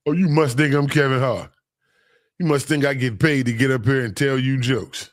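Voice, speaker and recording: A man's voice: mid-range voice, normal speed, pauses often, no room sound, studio quality. A man hosting a casual livestream, reading chat comments aloud, using laid-back slang and teasing with frequent laughs. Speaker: livestream host.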